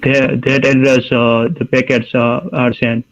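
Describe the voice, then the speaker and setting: A young man answering exam questions with halting, filler-heavy replies over a video call. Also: mid-range voice, little pitch movement, dull audio. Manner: hesitant, halting, many fillers. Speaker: student in an oral exam.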